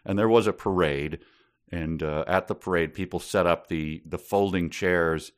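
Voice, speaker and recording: A man with a very low voice chatting on a podcast. He takes his time and tells jokes in a dry, deadpan way. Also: moderate pace, smooth. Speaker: podcast co-host. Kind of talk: casual book-discussion chat.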